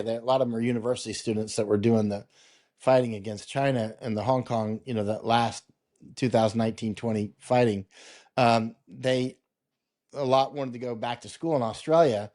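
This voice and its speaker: A man's voice: mid-range voice, darkish tone. A male war correspondent talking casually as an interview guest over a video call, rambling with restarts, quoting himself and laughing often. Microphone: remote video call.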